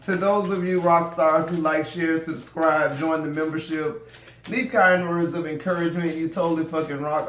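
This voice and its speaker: A man giving a casual tarot reading, slangy and profane, preaching and swinging from low murmurs to yelling. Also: roomy sound, noisy background. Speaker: tarot reader.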